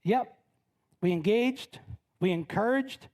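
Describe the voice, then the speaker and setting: A woman's voice: lively intonation, slow pace, darkish tone. A middle-aged woman pastor delivering a conversational sermon, telling stories with frequent tag questions and acting out the voices of the people in them. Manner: chatty storytelling, frequent "right?" tag questions; acts out quoted voices with big pitch jumps. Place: church sanctuary.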